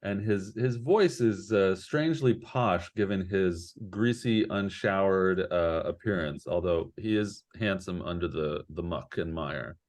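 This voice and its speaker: A man's voice: low-pitched, a little slow, few pauses, darkish tone. A man narrating as game master in a tabletop game, meandering and full of fillers.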